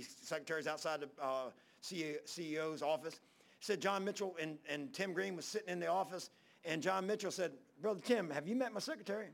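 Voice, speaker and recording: High gravelly preacher man. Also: fairly bright tone. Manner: folksy, rambling Southern preacher talk with quoted dialogue. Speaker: pastor. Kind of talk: storytelling sermon.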